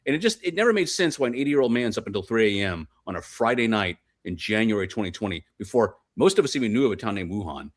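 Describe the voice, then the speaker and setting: A man's voice: on the low side, very animated, fast talker, few pauses. A man speaking as a guest researcher on a podcast, explaining his case in an insistent, emphatic way. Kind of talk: fast podcast interview talk.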